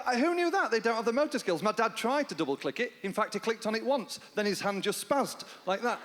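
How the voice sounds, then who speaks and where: A man doing stand-up comedy live on stage, telling stories in a dry, deadpan way with bursts of mock panic. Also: high voice, slight background noise. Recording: hall reverb with guitar music.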